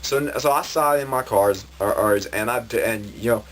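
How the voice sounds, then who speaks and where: A man's voice: medium pitch, normal speed, a bit bright, slight background noise. A man ranting in a vlog, rambling and frustrated, with many restarts. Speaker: vlogger.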